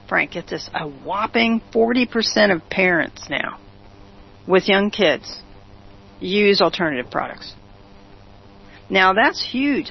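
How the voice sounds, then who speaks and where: A gravelly, husky-voiced talk show host gives opinionated commentary and keeps turning to a co-host with pointed rhetorical questions. The sound is dull and lo-fi. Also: mid-range voice. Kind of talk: opinionated commentary reading news quotes. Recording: dull lo-fi recording.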